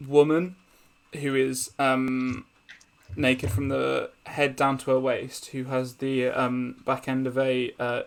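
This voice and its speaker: A man running a tabletop game as game master, narrating slowly with many pauses and fillers. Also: medium pitch, completely flat delivery, gravelly, clean tone. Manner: slow, hesitant with many fillers.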